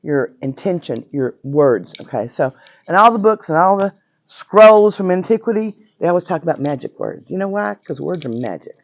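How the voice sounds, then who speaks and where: A woman in her sixties with a hoarse, nearly gone voice, teaching a witchcraft class in a chatty, emphatic way and often checking in with "right?" and "okay?". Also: on the low side, lively intonation, normal speed, no room sound, lo-fi sound. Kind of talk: informal class lecture. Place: metaphysical shop classroom.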